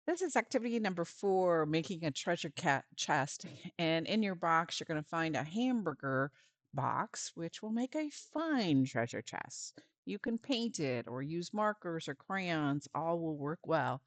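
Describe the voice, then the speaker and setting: A woman's voice: deep voice, very animated, a little slow, no echo. A woman volunteer giving a friendly step-by-step craft lesson for parents and children, with some fillers.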